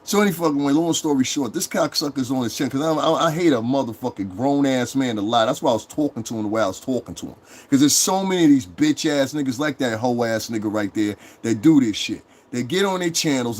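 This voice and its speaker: A man's voice: mid-range voice, animated, quick pace, hardly any pauses, darkish tone. A man delivering a profane, angry, repetitive livestream rant, talking straight to his chat. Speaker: online streamer.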